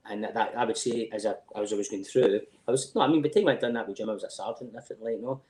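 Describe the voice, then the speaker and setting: A man's voice: lowish voice, very fast, darkish tone, reverberant, poor audio. A middle-aged Scottish man telling rambling, sweary stories as a podcast guest, often asking "do you know what I mean". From Scotland. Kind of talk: casual chat.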